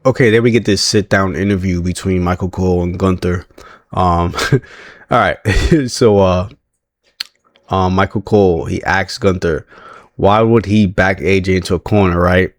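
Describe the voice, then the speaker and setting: A man's voice: low voice, fairly even intonation, normal speed, dry recording. A man recapping a wrestling show in a casual, chatty way, laughing often and restarting his sentences.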